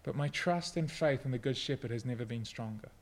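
A middle-aged man preaching a sermon, earnest and personal, at times soft and reflective. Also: medium pitch, brisk. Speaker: pastor.

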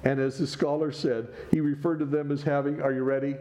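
A man preaching a sermon as pastor, animated and joking with the congregation between points. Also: on the high side, brisk, heavy background noise.

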